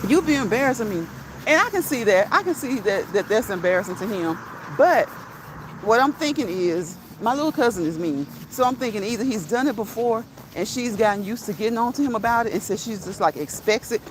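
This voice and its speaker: Animated woman telling stories on a walk. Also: mid-range voice, fairly quick, noisy background. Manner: animated, laughs often, addresses viewers as y'all; reads live chat comments aloud. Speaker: vlogger. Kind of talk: casual storytelling while walking. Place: outdoors on a walk.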